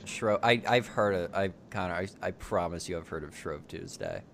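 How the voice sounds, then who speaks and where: A man's voice: low-pitched, moderate pace, creaky, a little hiss or hum. A man hosting a podcast in casual chat, teasing and joking, talking over a video call. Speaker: podcast host.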